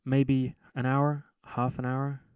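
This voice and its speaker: A man's voice: mid-range voice, monotone, takes it slowly, a little mellow, clean tone, dry recording, pitched above the performer's own voice, natural voice. A man voicing a polite, apologetic Italian salesman from Milan with an Italian accent. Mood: anxious, polite. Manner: eager, over-polite.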